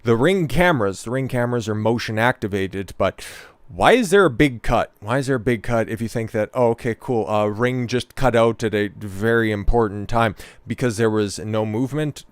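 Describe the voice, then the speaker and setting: A man's voice: medium pitch, moderate pace, clean tone, no room sound. A man hosting a live stream, giving casual, sarcastic, profane commentary on a clip.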